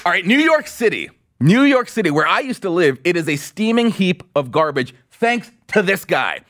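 A man hosting a political commentary podcast, full of sarcasm and mockery. His voice sits fairly high for a man and swings widely in pitch. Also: moderate pace, faint music behind. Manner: sarcastic, mocking and animated. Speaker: podcast host.

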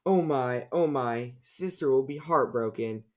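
A man voicing a gentle, fretting mother bear from a storybook, speaking softly. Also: medium pitch, measured pace, lightly acted. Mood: worried. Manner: soft and worried.

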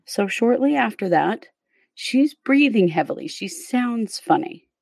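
Woman, podcast host, casual true crime storytelling, step-by-step, gravelly, dry close sound. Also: fairly high pitch, expressive, a little slow, darkish tone, dry recording. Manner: conversational, recounts events step by step with fillers.

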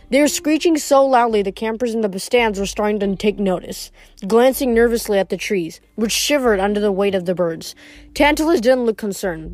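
Reading a novel aloud for an amateur audiobook, a woman with a medium-pitched voice slips often and restarts lines. The recording has no echo.

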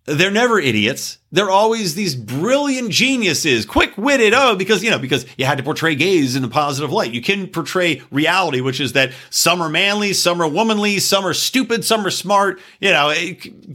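A man hosts a casual podcast, sounding off in a loose, profane rant that keeps wandering into side stories. His voice is bright and forward, and his pitch swings widely. He sits a little high for a man. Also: moderate pace, hardly any pauses, husky. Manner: animated, profane, digressive. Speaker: podcast host.

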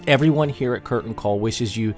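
A man's voice: medium pitch, a little fast, faint music behind. A man hosting a podcast, wrapping up the episode in a friendly, chatty way. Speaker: podcast host. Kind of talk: podcast outro.

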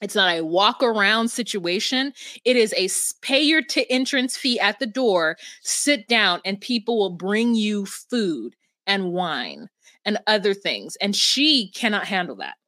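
Bright-voiced animated woman, dry sound. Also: medium pitch, unhurried, no room sound. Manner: animated, swears freely, laughs often. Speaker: podcast co-host. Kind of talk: casual chat recapping reality TV.

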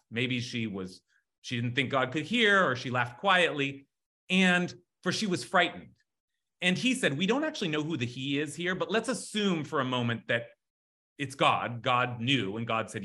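A man teaching a lively text study class, talking excitedly with frequent restarts. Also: on the high side, normal speed.

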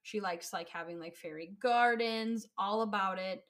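A woman's voice: medium pitch, normal speed, a bit bright. A young woman co-hosting a casual podcast, rambling and giggly with lots of fillers. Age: young adult. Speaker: podcast co-host. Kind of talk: casual chat.

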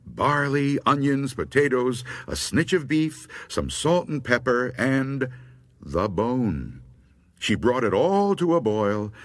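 A man reading scary stories aloud, slow and expressive. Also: mid-range voice, no echo. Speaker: storyteller.

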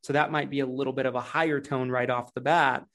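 Gravelly-voiced man chatting about sales. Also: mid-range voice, level tone, fast talker, fairly bright tone. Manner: chatty, uses many filler "like"s. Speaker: podcast guest, salesperson. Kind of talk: casual conversational podcast chat.

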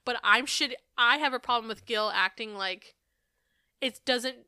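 A woman's voice: on the high side, unhurried, clear, resonant tone, no room sound, clean studio sound. A young woman co-hosting a podcast in casual chat, ranting with sarcasm and swearing freely. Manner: sarcastic and profane, animated ranting. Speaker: podcast co-host.

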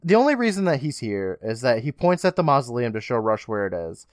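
A man's voice: mid-range voice, very animated, a little fast, no room sound, studio quality. A man co-hosting a podcast, casually recapping a TV episode with sarcastic asides and the odd swear. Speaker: podcast co-host.

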